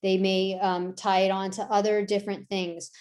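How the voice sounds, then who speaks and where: A woman leads a dog-training workshop at a mid-range pitch. She talks casually and keeps checking in with her listeners. Now and then she acts out the people and dogs she quotes. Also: flat delivery, normal speed, darkish tone. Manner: conversational, acts out quoted voices, frequent "right?" tags. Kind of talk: online workshop talk.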